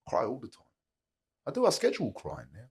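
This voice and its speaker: A man's voice: wildly swooping pitch, a little fast. A man talking candidly as a podcast guest, earnest and plain-spoken, driving his points home by repeating them. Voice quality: gravelly husky low voice. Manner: earnest and motivational, plain-spoken, uses repetition. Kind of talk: candid conversational storytelling.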